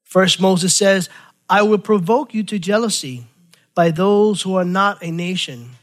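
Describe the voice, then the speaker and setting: A man with a fairly high voice preaches a sermon, teaching from scripture. He is animated and chatty, breaking off into casual, self-deprecating asides before he comes back to the text. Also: unhurried. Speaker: pastor.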